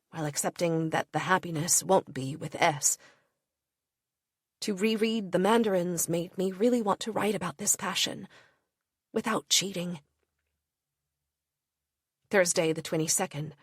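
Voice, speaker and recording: A woman narrating a first-person diary in a measured, introspective audiobook reading. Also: no room sound, studio quality. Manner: measured, introspective reading with soft low asides.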